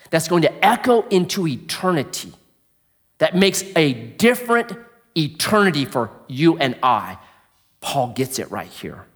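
A male pastor delivers an animated sermon in a fairly high voice that rises and falls widely. He quizzes the congregation and sinks into a quiet hush when he drives a point home. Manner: animated storyteller, asks the audience questions, drops to a hush for emphasis.

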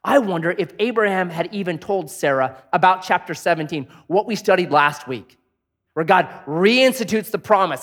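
A male pastor preaching a sermon in an animated, joking, conversational way. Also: sits high, moderate pace.

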